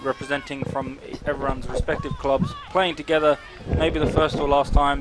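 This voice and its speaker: A man calling play-by-play at a local football game in a steady way. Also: fairly high pitch, noisy background. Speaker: football commentator. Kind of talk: play-by-play commentary.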